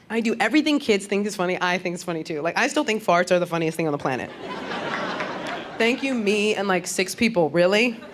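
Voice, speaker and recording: A woman performing stand-up comedy on stage, talking chattily with the crowd and asking it questions. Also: fairly low pitch. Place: comedy stage before a live audience. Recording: live stage recording with audience laughter and noise.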